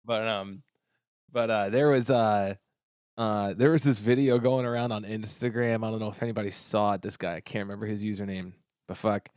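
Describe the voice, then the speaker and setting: A man's voice: lowish voice, fairly quick, clean tone, no room sound, studio quality. A man co-hosting a podcast in casual chat, telling stories animatedly and laughing often. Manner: animated storyteller, acts out bits with laughter. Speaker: podcast co-host.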